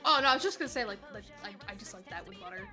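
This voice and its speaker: A woman's voice: mid-range voice, animated, very fast, bright, forceful tone, faint music behind. A woman joining the stream as a friend, chatting casually and enthusiastically, swearing freely. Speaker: guest friend on call. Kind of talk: casual chat. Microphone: voice call.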